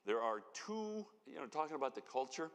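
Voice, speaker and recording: This man's mid-range voice is smooth and sing-song, and he moves briskly through sermon-style Bible teaching at a conference. Recorded in a reverberant church sanctuary, he animates the story and performs the lines he quotes.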